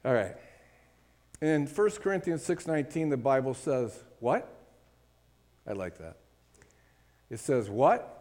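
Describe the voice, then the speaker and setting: A man's voice: mid-range voice, lively intonation, a little slow, pauses often, darkish tone. A man preaching a sermon, speaking emphatically and calling for amen from the congregation. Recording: hall with long reverb.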